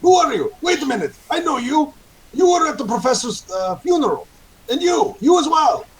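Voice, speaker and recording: A man's voice: very animated, normal speed, slight background noise, heavily acted, rough recording. A man voicing a startled, panicky man who has been caught and tied up, speaking indignantly with a Southern accent. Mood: flustered indignant. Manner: shrill, indignant, flustered.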